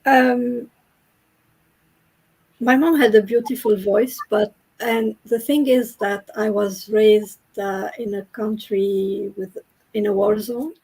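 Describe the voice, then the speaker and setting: A woman from the Middle East, not a native English speaker, slowly and earnestly telling a personal story as a co-host in a casual chat over a video call. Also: medium pitch, fairly even intonation, a little mellow, breathy edge, rough recording.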